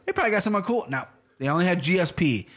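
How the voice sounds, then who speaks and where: A man's voice: sits high, animated, very fast, fairly bright tone. A man hosting a podcast, chatting casually with a guest in a loose, playful way and swearing freely. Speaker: podcast host. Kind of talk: casual chat.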